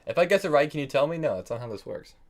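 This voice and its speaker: In a rapid-fire, animated, somewhat high voice, a man from the United States plays online chess on a casual stream. He talks through his thinking, criticizes his own blunders, and jokes around with viewers.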